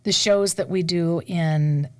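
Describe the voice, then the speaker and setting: Animated, laughing woman, slightly low voice. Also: takes it slowly, no echo. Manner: animated, laughs often, drops to whispers for emphasis. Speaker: guest, opera singer and conservatory staff. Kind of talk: casual interview.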